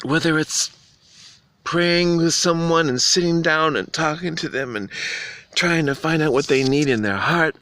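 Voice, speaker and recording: Man, fairly high voice, rambling earnest plea, dry close sound. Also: a little slow, pushed and bright, dry recording. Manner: rambling, earnest, preachy appeals. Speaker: vlogger. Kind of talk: impassioned monologue to camera.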